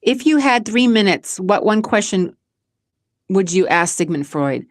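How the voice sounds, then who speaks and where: A woman's voice: medium pitch, expressive, a little slow, no room sound, clean studio sound. Chatty, emotional woman from Massachusetts. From Massachusetts, USA. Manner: chatty and emotional, laughs often, restarts a lot. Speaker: show host and community founder. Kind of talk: casual vlog answering questions.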